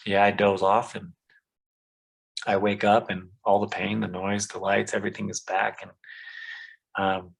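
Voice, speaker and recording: A man tells his life story as a guest on a faith podcast. He speaks earnestly in a somewhat low voice and falls back on "um" and "you know" as he goes. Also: level tone, measured pace, creaky, pauses often, breathy edge, low-quality recording. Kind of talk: conversational testimony.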